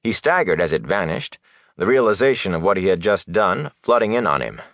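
A man reads a fantasy novel aloud in a low, deep voice. His delivery is dramatic and his pitch swings widely. The sound is close and dry, with no room around it. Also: a little fast, dry recording. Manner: expressive, dramatic. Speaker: audiobook narrator. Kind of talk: scripted fantasy narration.

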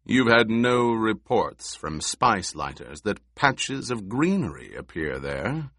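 A man playing an emperor who speaks in a quiet, dryly mocking murmur, in an audiobook. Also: lowish voice, big pitch swings, takes it slowly, dry recording, studio quality, exaggerated voice. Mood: derisive. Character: cool, derisive male emperor.

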